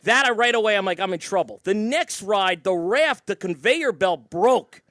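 A man hosting a sports talk show, telling stories in animated, jokey banter and laughing often. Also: high-pitched, moderate pace, no echo, studio quality. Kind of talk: casual banter and storytelling.

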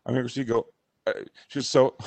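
A man's voice: medium pitch, brisk, dry recording. A man hosting a podcast, telling stories in casual comedic chat with mocking impressions. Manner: animated storytelling with mocking impressions. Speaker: podcast host.

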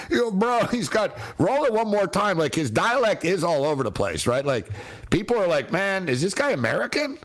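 Chatty, laughing sports host. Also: male voice, sits high, big pitch swings, a little slow. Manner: chatty, laughs often, slangy asides. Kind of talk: casual sports talk.

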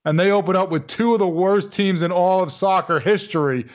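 A male sports talk co-host with a slightly high voice who rants casually and leans on fillers. The recording sounds a bit dull and muffled. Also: fairly quick.

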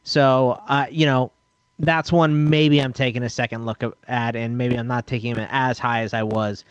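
A man's voice: mid-range voice, level tone, moderate pace, clear, resonant tone, no room sound, lo-fi sound. A man co-hosts a casual sports radio podcast, reeling off long lists of names in a mid-range voice and laughing easily along the way. The dry, close mic leaves almost no room sound. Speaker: podcast co-host.

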